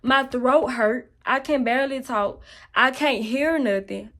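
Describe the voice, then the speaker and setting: A woman's voice: high voice, measured pace, fairly bright tone. Candid young woman telling her story. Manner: candid, raw and emotional. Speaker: vlogger. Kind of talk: personal testimony storytelling.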